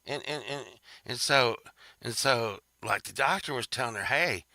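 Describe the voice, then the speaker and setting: A man's voice: mid-range voice, moderate pace, bright, forceful tone, dry recording, clean studio sound. A man hosting a podcast, telling a story in a rambling, profane, casual way with laughing asides. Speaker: podcast host.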